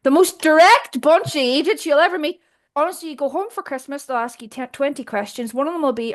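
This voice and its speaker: Animated Northern Irish woman, rather high. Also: a little fast. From Northern Ireland. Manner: direct, animated, laughs often while telling stories. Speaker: guest. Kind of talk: casual conversation.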